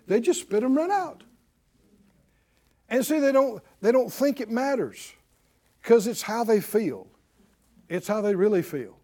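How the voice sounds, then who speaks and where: A man's voice: very high-pitched, warm tone. A man preaching a sermon, firing rhetorical questions at his congregation. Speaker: pastor.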